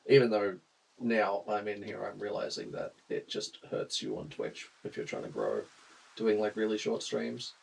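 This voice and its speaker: A man's voice: lowish voice, lively intonation, normal speed, vocal fry, darkish tone, rough recording. A young Australian man casually chatting to viewers while streaming a game, laughing often and greeting chat.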